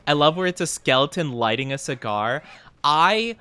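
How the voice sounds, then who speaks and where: A man's voice: on the high side, animated, moderate pace, sharp tone, slight background noise. A man chatting casually on a live stream, giggling often and answering his chat.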